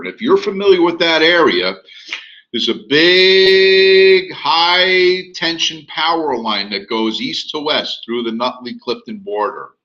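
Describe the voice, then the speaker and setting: A man's voice: medium pitch, highs cut off. A man telling a real estate anecdote in a lecture, acting out the dialogue as he goes. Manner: animated anecdotal, acts out dialogue. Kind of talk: storytelling lecture.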